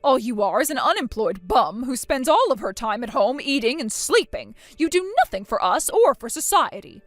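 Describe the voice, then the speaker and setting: A woman's voice: high-pitched, very animated, moderate pace, no echo. A woman voicing a stern middle-aged mother in a text-message story, scolding her daughter harshly. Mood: scornful.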